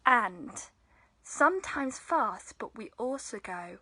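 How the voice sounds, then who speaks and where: A woman leading a children's story time in a playful, animated way, with gasps and hushed asides. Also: mid-range voice, drawn-out words, dry recording, poor audio.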